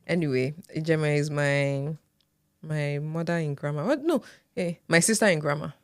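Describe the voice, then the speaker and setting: A woman chats in a relaxed podcast conversation, with a slightly low voice. The sound is dry and close, and she often murmurs along in agreement. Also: normal speed, no echo. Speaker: podcast co-host. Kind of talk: casual chat.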